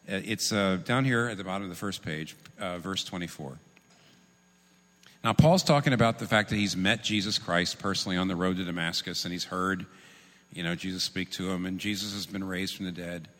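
A man preaching a sermon, teaching in an animated, humorous way with quick asides. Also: low voice. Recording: long reverb in a large hall.

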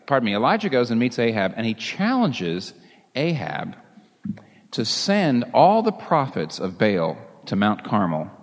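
A man preaching a sermon as a pastor, telling the story in a lively way and chuckling along with it. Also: mid-range voice, in a large hall.

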